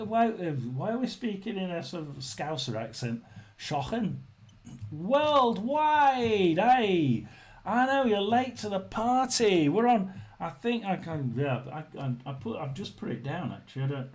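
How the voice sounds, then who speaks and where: Chatty English man clearing his throat. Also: a little high, darkish tone. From England. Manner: rambling, frequent throat clearing and restarts. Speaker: livestream host. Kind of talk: casual live chat reading comments.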